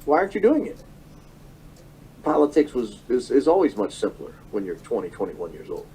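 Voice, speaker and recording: A man's voice: mid-range voice, sing-song, moderate pace, warm tone, a little hiss or hum, low-quality recording. A man in his thirties giving an emotional political monologue, often repeating phrases and correcting himself. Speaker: political commentator. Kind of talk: monologue commentary.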